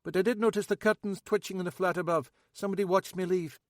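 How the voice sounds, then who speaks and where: A man voicing an odd, blunt Scottish man with a sharp memory, talking raised and insistent as he rattles off details. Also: sits high, fairly even intonation, quick pace, dry recording, studio quality, pitched above the performer's own voice, natural voice.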